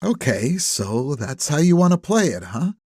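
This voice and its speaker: A man's voice: fairly high pitch, sing-song, a little mellow, breathy edge, no room sound, studio quality, pitched above the performer's own voice, heavily acted. A man voicing a blunt Midwestern woman police chief. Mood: needling. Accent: slight Midwestern. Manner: brisk, needling, sarcastic.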